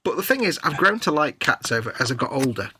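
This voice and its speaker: A man's voice: mid-range voice, big pitch swings, fast, bright, forceful tone, a little hiss or hum. A man co-hosting a casual live stream chat, teasing and jokey, wandering off on silly tangents. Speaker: co-host.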